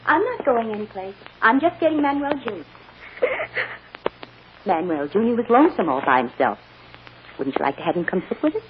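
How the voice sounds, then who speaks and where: Brief: actress playing a gentle, emotional young mother, 1940s radio style, expressive pitch. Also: fairly quick, pauses often, muffled recording, natural voice. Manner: soothing, emotional, tearful at times. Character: tender, anxious young mother. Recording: scratchy old radio recording, hiss.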